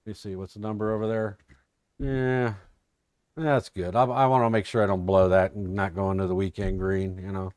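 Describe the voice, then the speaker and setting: A man's voice: fairly low pitch, flat delivery, normal speed, a little mellow, clear, resonant tone, dry recording, clean studio sound. An American man giving a casual, folksy live-stream recap of his trading day, joking and thinking aloud as he looks over charts. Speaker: trading educator.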